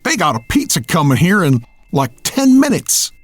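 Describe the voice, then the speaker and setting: A man's voice: fairly high pitch, wildly swooping pitch, moderate pace, dry recording, faint music behind, pitched above the performer's own voice. A man voicing a smug young male killer with a swaggering drawl, in a horror story reading.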